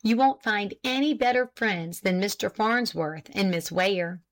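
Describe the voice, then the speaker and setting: A woman's voice: medium pitch, measured pace, natural voice. Woman reading a motherly jailer's wife. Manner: warm, amused, homely. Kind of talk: audiobook character reading.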